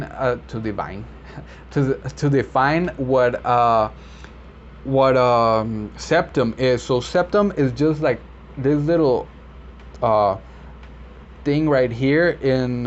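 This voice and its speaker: Man, medical interpreter, casual explainer, rambling with fillers, slow pace, faint background hiss. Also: mid-range voice. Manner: relaxed, rambling, frequent fillers and self-corrections. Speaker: medical interpreter teaching vocabulary. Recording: slightly dull lo-fi audio with faint background noise.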